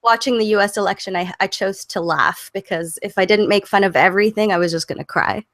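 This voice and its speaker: A Canadian woman born in southern England, a guest on a video call, speaking in a measured, hesitant way while losing her voice. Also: mid-range voice, fairly bright tone, no echo, clean studio sound. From southern England, raised in Canada. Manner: measured, hesitant with many ums. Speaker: guest content creator. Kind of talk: casual online chat.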